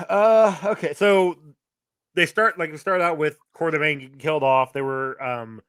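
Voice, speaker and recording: Bright-voiced man, rambling podcast chat. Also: on the high side, normal speed, clear, resonant tone, no room sound. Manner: rambling, many restarts and fillers. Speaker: podcast co-host. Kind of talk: casual chat.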